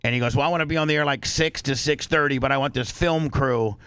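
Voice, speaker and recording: A man's voice: medium pitch, quick pace, fairly bright tone, clear, resonant tone, no echo. A man hosting a radio talk show, telling a story bluntly and with animation, swearing as he goes. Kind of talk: casual talk-show chat.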